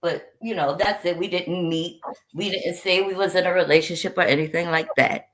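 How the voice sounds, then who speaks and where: A woman's voice: on the low side, steady tone, moderate pace, fairly bright tone. A woman from South Carolina with a Gullah Geechee accent, a panel guest on an online call who hesitates and then cusses back sharply. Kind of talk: heated livestream panel talk.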